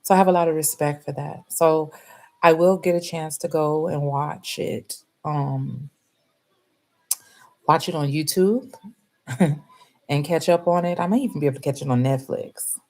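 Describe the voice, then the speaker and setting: A middle-aged woman, telling a story in casual chat to her live audience, animated and laughing often. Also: low-pitched, moderate pace, long pauses. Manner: animated, laughs often, acts out quoted voices.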